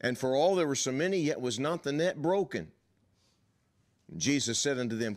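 Animated male preacher reading scripture. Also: brisk. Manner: animated, rising loud when quoting, dropping low for asides; conversational with fillers and self-corrections. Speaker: pastor. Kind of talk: expository sermon reading scripture.

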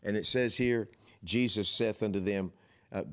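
A man preaching a sermon, reading scripture aloud and explaining it in a conversational way, raising his voice for quoted lines and dropping low for asides. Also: measured pace. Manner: animated, rising loud when quoting, dropping low for asides; conversational with fillers and self-corrections. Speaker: pastor.

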